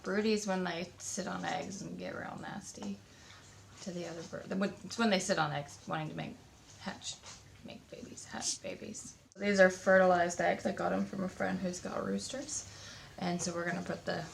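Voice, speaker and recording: Gravelly-voiced woman, chatty. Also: on the low side, steady tone, normal speed, a little hiss or hum. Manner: chatty, explains with restarts. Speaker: family member on the vlog. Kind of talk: casual chat.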